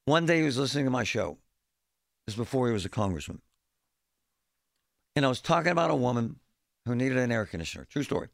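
Radio guy ranting, gravelly voice, folksy and blunt, fed up. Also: medium pitch, big pitch swings, fast talker, long pauses, no room sound, clean studio sound. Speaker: radio talk show host. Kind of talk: opinionated talk radio monologue. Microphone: studio microphone.

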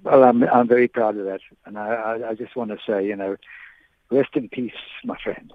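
An older man from South Africa, a veteran sports broadcaster, reminiscing as a radio guest, halting and repeating words as he goes. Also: lowish voice, steady tone, no echo. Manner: hesitant, many repeated words and restarts. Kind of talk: phone-in reminiscence. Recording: tinny phone line on radio.

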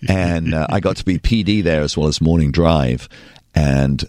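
Very deep-voiced English man telling stories. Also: normal speed. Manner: animated, emphatic storyteller. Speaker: radio DJ guest. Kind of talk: casual interview storytelling.

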